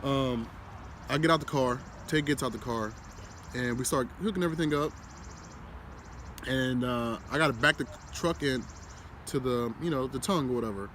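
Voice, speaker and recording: A man's voice: medium pitch, moderate pace, pauses often, a little hiss or hum. Laid-back young man telling a story. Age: young adult. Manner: relaxed, animated retelling with laughs and slang. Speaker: vlogger, husband. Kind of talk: casual storytelling chat.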